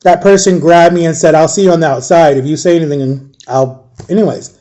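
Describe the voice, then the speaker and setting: A young man telling his own painful story, halting and repeating himself, close to tears at times. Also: fairly high pitch, steady tone, mellow. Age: young adult. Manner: halting, repeats himself, acts out quoted voices. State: emotional, near tears. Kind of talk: personal storytelling.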